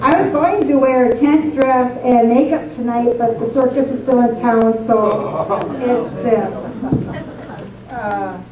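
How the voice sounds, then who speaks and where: A woman reading short joke one-liners in a deadpan way at a talent show. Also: a little high, unhurried, long pauses, crowd noise. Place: large echoey camp hall. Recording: echoey hall from far off, dull camcorder sound.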